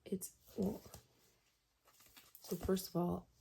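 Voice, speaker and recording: Soft-spoken young woman with gravelly fry. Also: fairly low pitch, flat delivery, slow pace, a little hiss or hum, poor audio. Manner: soft-spoken, often drops to a whisper, filler-heavy. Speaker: book vlogger. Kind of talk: casual reading vlog chat.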